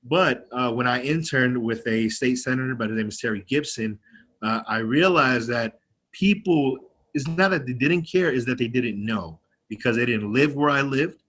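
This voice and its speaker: Addressing an activist group by video call, a young county legislator with a twang gives a candid, rousing personal speech, swearing as he goes. He talks at normal speed in a medium-pitched, slightly bright voice.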